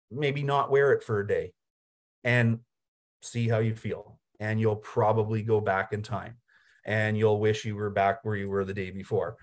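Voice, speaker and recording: A man with a fairly low voice, speaking as a guest over a video call. He talks casually and persuasively, earnest and a bit repetitive. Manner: earnest, repeats words, persuasive. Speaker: guest team member. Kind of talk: casual talk.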